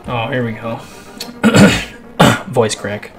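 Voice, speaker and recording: A man's voice: medium pitch, steady tone, drawn-out words. A man doing let's play commentary on a video game, out of breath, swearing constantly and sighing between lines. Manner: profane, crass, sighing often. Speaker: gaming channel host. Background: game music.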